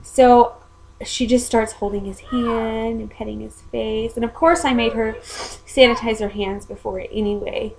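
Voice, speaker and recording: A young mother chats casually from home, rambling along with plenty of ums. Her voice sits slightly high for a woman. A faint hiss stays in the background. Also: steady tone, measured pace, gravelly, a little mellow, poor audio. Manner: chatty and rambling, with many "um"s. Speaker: mother and vlogger. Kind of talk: casual chat.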